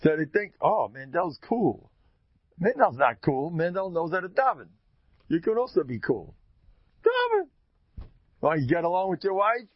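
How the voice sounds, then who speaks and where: A man's voice: on the high side, big pitch swings, moderate pace, husky, no echo, muffled recording. A man with a Yeshivish, Yiddish-peppered accent giving an informal religious talk, joking and acting out little dialogues. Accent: Yeshivish English, Yiddish-peppered. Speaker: speaker giving a Torah talk.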